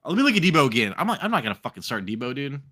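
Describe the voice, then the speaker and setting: Animated, foul-mouthed man talking fantasy football. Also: medium pitch, racing. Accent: American. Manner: profane, rambling, animated. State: drinking while talking. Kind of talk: casual live podcast chat.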